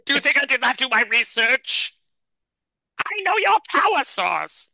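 A man voicing a snide male alien chameleon leader who scolds humans in high, scornful outbursts. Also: very animated, a little slow, vocal fry, pushed and bright, dry recording, exaggerated voice.

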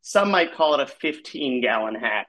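A man telling a rambling comic story in a halting way, full of "like" and restarts, as he describes absurd scenes. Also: medium pitch, animated, a bit bright.

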